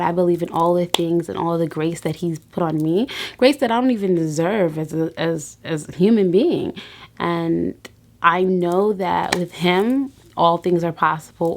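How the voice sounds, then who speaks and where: Woman, 30s, vlogger; low, gravelly voice, earnest and encouraging, faith-driven, loose restarts. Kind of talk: personal vlog talk.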